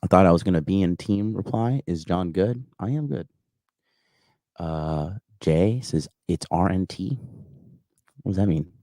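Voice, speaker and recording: Deep voiced guy in his 30s rambling on his call-in stream, lots of "like" and swearing, dry close mic. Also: unhurried, long pauses, mellow, no echo. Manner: rambling, crude, peppered with "like" and "you know". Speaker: call-in show host. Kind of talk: casual livestream chat reading viewer comments.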